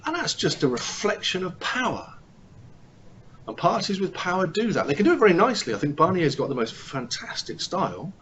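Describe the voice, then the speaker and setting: A man's voice: high-pitched, big pitch swings, fairly quick, fairly bright tone, dull audio, slight background noise. A man giving a live talk on negotiation to a small audience, conversational and fond of rhetorical tag questions. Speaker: negotiation speaker. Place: meeting room with an audience.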